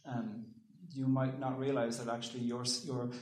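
A man giving a thoughtful public talk, pausing and restarting, and reading a poem aloud. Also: mid-range voice, little pitch movement, a little mellow. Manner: thoughtful, halting with ums and restarts. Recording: roomy echo.

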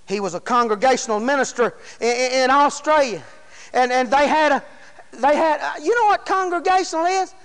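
High-pitched Southern preacher shouting. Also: male voice, big-room sound, low-quality recording. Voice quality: folksy rural speech. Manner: shouts praises, storytelling with acted quotes. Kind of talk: fiery revival sermon.

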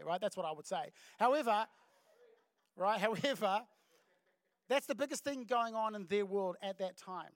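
A middle-aged man with a New Zealand accent, a pastor preaching a sermon in an animated storytelling way. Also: high voice, moderate pace, no echo. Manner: animated storytelling with acted voices and laughs. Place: church stage.

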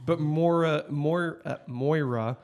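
A man co-hosting a podcast in casual chat, animated and swearing freely as he recounts scenes. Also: on the high side, measured pace. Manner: animated, swearing, quotes scenes in put-on voices. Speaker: podcast co-host.

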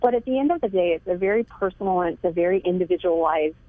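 A woman's voice: on the low side, fast, no echo. A woman author being interviewed, telling heartfelt stories earnestly and laughing lightly now and then. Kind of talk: phone interview. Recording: tinny dry phone line.

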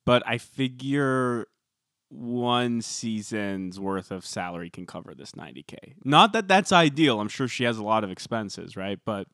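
A man's voice: mid-range voice, animated, unhurried, a bit bright, no echo. A young man co-hosting a podcast in casual chat, teasing with dry humor. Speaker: podcast co-host.

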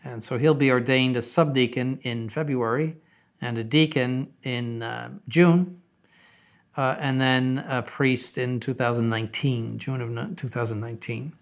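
A man's voice: mid-range voice, fairly even intonation, unhurried. An older man who heads a seminary, talking casually in an interview, rambling with many fillers and restarts.

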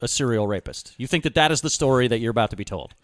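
A man co-hosting a casual film podcast, tossing in quick interjections and asides. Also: mid-range voice, lively intonation, a bit bright, no room sound, studio quality. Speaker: podcast co-host.

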